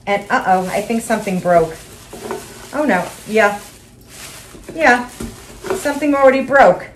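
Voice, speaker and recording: A woman's voice: fairly high pitch, lively intonation, a little slow, slight background noise. An older woman chatting casually at home as she shows off her shopping haul, gushing and repeating herself with little laughs. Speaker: vlogger showing a shopping haul.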